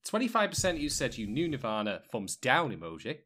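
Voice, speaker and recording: A man's voice: mid-range voice, huge pitch swings, brisk, a bit bright. A man hosting a podcast in casual chat, who rambles with wry jokes and asides. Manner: rambling, wry and joking, many fillers and asides. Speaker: podcast host.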